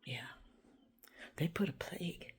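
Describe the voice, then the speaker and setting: A woman vlogging a rambling, confrontational monologue, swinging between loud outbursts and hushed whispers. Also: fairly low pitch, a little slow, husky. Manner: confrontational, addresses unseen listeners.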